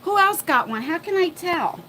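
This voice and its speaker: A woman hosting a casual livestream chat from her phone, flustered and chatty as she thinks out loud. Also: extremely high pitch, animated, normal speed, a little hiss or hum. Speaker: livestream host. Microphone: phone mic.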